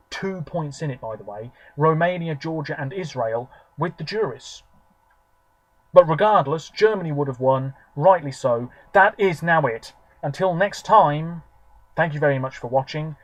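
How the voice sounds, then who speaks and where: In a low-quality recording, a video reviewer in his twenties talks on camera alone, chatty and rambling with lots of fillers. His pitch is fairly high.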